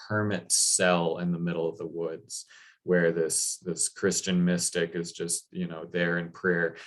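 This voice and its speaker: A man retelling a legend in a loose, chatty talk, full of fillers. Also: low voice. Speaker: speaker. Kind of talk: casual storytelling talk.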